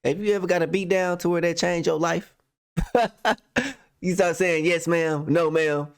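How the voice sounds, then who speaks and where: A man's voice: high-pitched, level tone, normal speed, creaky, clean tone. Young man laughing through reaction commentary. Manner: laughing, loose slang-heavy storytelling.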